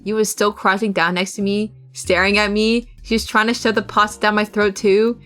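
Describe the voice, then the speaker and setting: A woman's voice: medium pitch, flat delivery, normal speed, fairly bright tone. A young woman streamer casually reading a visual novel aloud, swearing and laughing at the script and acting out its tense passages. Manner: reads the game text dramatically. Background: faint game music.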